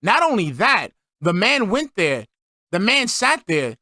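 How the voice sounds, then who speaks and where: A man's voice: high voice, very animated, measured pace, sharp tone, no echo, studio quality. A man giving a profane, exasperated reaction commentary as a streamer.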